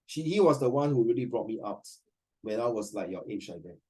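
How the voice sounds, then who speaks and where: A middle-aged man with a Singaporean English accent teaching a class, animated and emotional as he tells stories. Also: medium pitch, brisk. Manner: animated, emotional, switches into Mandarin. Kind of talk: classroom lesson, emotional storytelling.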